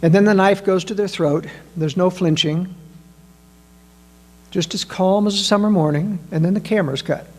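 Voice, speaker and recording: A man giving a political analysis talk, emphatic and full of rhetorical questions, addressing listeners as ladies and gentlemen. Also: high voice, slightly rough. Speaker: political commentator.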